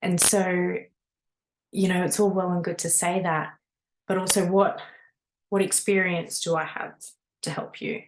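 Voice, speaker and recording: A woman, a spiritual mentor, telling her own story in an earnest, animated way with lots of casual fillers. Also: fairly low pitch, unhurried, pauses often, a little hiss or hum. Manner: earnest, animated, many "you know" fillers. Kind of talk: personal storytelling monologue. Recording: echoey room.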